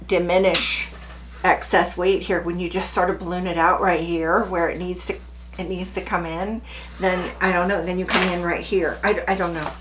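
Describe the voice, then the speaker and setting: A middle-aged woman talks casually to her camera as a sewing vlogger, chirpy and a little self-deprecating. A faint hum sits quietly behind her voice. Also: lowish voice.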